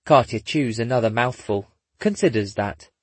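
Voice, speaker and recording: A man narrating a story in a husky voice, dropping in dry, wry asides. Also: medium pitch, normal speed, no room sound. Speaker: audiobook narrator. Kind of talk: scripted narration.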